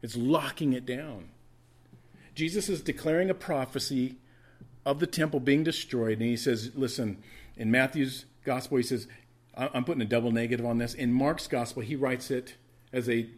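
A man's voice: medium pitch, moderate pace. A man preaching a sermon, teaching with emphatic repetition and conversational asides to his congregation. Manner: emphatic teaching, repeats key words for stress, asks listeners to take notes. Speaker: pastor.

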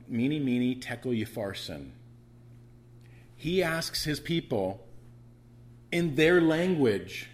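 A man preaching a sermon, animated, often stammering and restarting, building to loud proclamations. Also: medium pitch. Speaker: pastor.

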